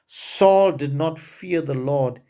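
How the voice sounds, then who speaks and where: A male preacher delivering a sermon at an unhurried pace. His voice sits slightly higher than most men's, and he leans on key words with earnest emphasis, calling his listeners beloved. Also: mellow.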